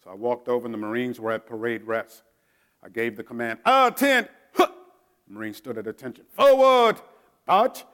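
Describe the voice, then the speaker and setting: A man's voice: on the low side, level tone, quick pace. Man preaching a storytelling sermon. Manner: prays softly, then tells stories with shouted drill commands. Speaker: pastor.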